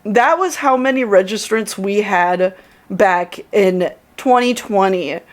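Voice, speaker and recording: A woman's voice: medium pitch, takes it slowly. A woman hosting a livestream's closing remarks, thanking the team in a bubbly, effusive way. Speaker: convention staff host.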